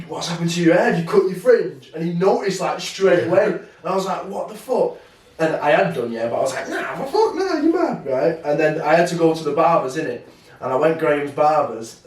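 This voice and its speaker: A man's voice: fairly high pitch, fairly quick. A young man, co-hosting a podcast and telling stories in a casual, swearing, slangy way. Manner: swearing, animated storytelling slang. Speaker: podcast co-host. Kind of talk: casual chat. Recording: roomy, mic at a distance.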